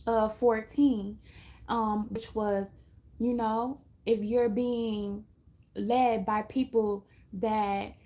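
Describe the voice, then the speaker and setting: A woman's voice: fairly high pitch, flat delivery, drawn-out words, warm tone. A woman giving a casual spiritual talk to her viewers, chatty, often laughing and acting out little voices. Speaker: astrology reader.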